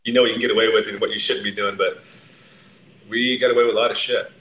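A man's voice: fairly low pitch, little pitch movement, fast, pushed and bright. Laid-back swearing man in a roomy space. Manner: laid-back, rambling, profane. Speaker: bassist. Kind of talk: casual storytelling, heavy swearing. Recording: roomy echo, faint noise.

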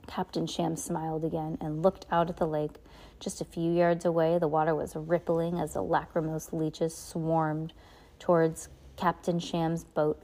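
A woman's voice: sits low, little pitch movement, measured pace, darkish tone, low-quality recording. A woman reading a novel aloud in a casual way, stumbling and restarting now and then. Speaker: reader.

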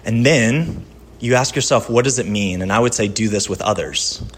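A man pastor giving a sermon in a conversational style, telling personal stories and dropping from lively to hushed. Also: lowish voice, normal speed, slight background noise.

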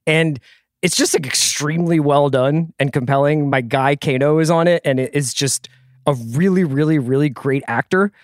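A man's voice: fairly high pitch, normal speed, dry recording, studio quality. A man in his forties co-hosting a podcast, chatting casually with jokes, tangents and self-deprecating asides. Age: 40s. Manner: joking, rambling, self-deprecating. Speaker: podcast co-host. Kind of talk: casual chat.

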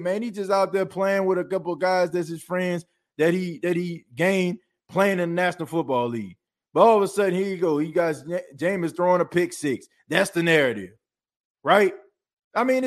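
A podcast host in a fired-up sports talk rant, animated and preachy, calling his listeners folks. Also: sits high.

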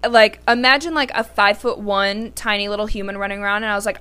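Bright-voiced candid young woman podcaster. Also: fairly high pitch, fast talker, few pauses. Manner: candid, swears freely, heartfelt. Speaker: podcast host. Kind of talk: casual solo podcast talk.

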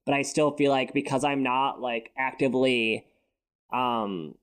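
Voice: mid-range voice, measured pace, clean tone. A non-binary co-host in loose, casual podcast chat. They ramble through stories and scatter "like" as they go. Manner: rambling storyteller, heavy use of "like". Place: podcast recording.

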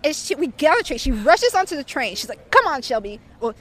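A young woman in her twenties being interviewed and telling a story casually, animated and full of "like" fillers. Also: high voice, fast talker.

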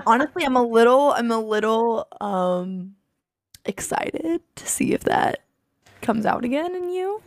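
A woman's voice: on the high side, expressive, measured pace, no room sound, studio quality. A woman co-hosting a podcast in a bubbly casual chat, often breaking into laughter. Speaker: podcast co-host.

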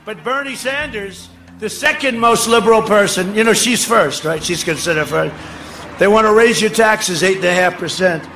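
An older man giving a boastful, rambling campaign rally speech outdoors, ad-libbing to the crowd and often shouting. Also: high voice, moderate pace. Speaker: political speaker at a rally. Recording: speech over a faint crowd and noisy ambience.

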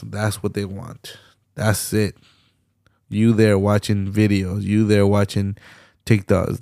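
A young man with a low, gravelly voice delivers an exasperated, profanity-laden solo rant as a podcast host. He talks slowly and with a dark, mellow tone. The sound is dry and close. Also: no echo. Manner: profane, exasperated ranting with lots of fillers.

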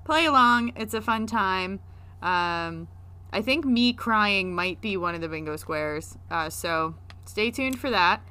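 A woman's voice: medium pitch, animated, slow pace, bright, forceful tone, clear, resonant tone. A young woman co-hosting a casual podcast from her desk at home, teasing with dry, grumpy humor. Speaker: podcast co-host. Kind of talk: casual chat. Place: home desk chair, video call. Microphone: close podcast mic.

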